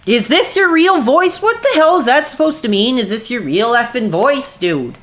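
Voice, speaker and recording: A man in his thirties chatting on a gaming livestream, irritable and quick to anger, saying "dude" all the time. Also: very high-pitched, sing-song, fairly bright tone. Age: 30s. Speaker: streamer. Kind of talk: casual gaming livestream chat.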